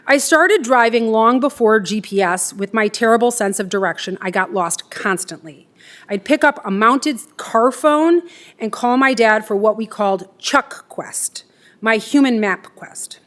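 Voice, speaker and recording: A woman's voice: a little high, a little slow. Tender Midwestern woman reading a eulogy. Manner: tender, steady, emotional. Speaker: daughter giving a eulogy. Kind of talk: read eulogy.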